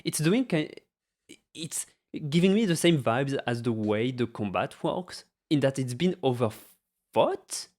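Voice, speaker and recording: A man's voice: mid-range voice, animated, unhurried, a little mellow. A young man co-hosting a podcast in casual chat, laughing easily, hesitant, often trailing off mid-thought. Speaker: podcast co-host.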